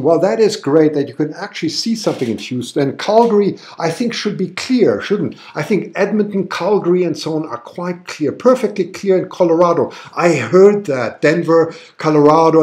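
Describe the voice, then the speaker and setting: Upbeat live-stream host, male, German-tinged accent, slightly higher voice, chatty and exclamatory. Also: darkish tone. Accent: German-tinged English. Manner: enthusiastic, chatty, exclaims often. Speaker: livestream host and photographer. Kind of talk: live-stream chat reading viewer comments. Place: home, then outdoors at night.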